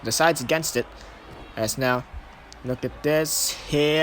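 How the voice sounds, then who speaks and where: Young male game commentator, high bright voice, hyped wrestling calls, faint hiss behind. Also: takes it slowly. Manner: hyped, shouts at big moments, repeats himself. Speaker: play-by-play commentator of a video game.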